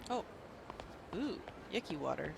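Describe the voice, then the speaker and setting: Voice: medium pitch, sing-song, unhurried, vocal fry. Wry streamer in a noisy recording. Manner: wry, self-mocking, reads menus aloud. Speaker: game streamer. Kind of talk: casual let's-play commentary.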